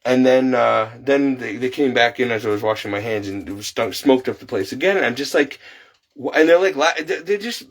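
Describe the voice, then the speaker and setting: A man vlogging in a casual, exasperated rant, his voice climbing high as he complains. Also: brisk, rough recording. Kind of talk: casual ranting monologue.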